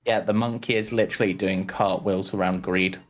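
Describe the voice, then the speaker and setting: A man's voice: deep voice, steady tone, fairly quick, faint music behind. A man narrating as game master of a tabletop game, amused as he describes the scene.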